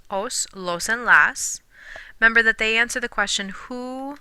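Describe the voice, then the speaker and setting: A woman teaching a recorded language lesson, patiently explaining grammar and slowly sounding out example words. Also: mid-range voice, sharp tone, dry recording. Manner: clear, patient explaining with slow modeled pronunciations; drops to a whisper when counting syllables. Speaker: Spanish teacher.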